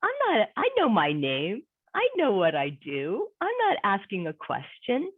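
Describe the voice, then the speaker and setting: A woman's voice: medium pitch, huge pitch swings, unhurried. A woman career coach giving an online workshop presentation, conversational and emphatic, repeating her key points. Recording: tinny phone-like audio.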